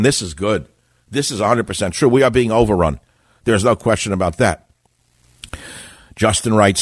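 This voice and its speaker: A man's voice: fairly low pitch, normal speed, long pauses, no echo, studio quality. An older man hosting a call-in talk radio show, speaking in a combative, opinionated way with rambling asides.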